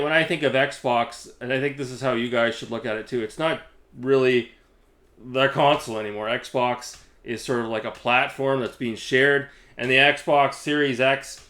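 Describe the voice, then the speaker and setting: Bright, sharp-voiced man ranting. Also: medium pitch. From Canada. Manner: profane, sarcastic, ranting with frequent laughs. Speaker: YouTuber. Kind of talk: casual vlog rant.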